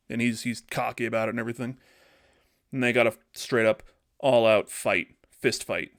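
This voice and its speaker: A man's voice: mid-range voice, fairly even intonation, fairly bright tone, no room sound, clean studio sound. A man co-hosting a podcast, telling a story in a loose, rambling way on a podcast mic. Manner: loose and rambling, slipping into quick character voices. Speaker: podcast co-host. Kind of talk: casual improvised storytelling.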